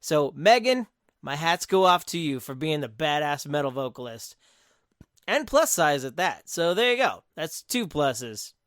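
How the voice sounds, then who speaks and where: A young man with a fairly high voice rambles through metal album picks on a podcast, swearing freely and laughing at himself. He jumps from loud outbursts to low mutters. The sound is close and dry, with no room in it. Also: sing-song, unhurried, no room sound. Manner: crude, rambling and self-mocking, with sudden loud bursts and quiet mutters. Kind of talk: casual solo segment, reading from a list.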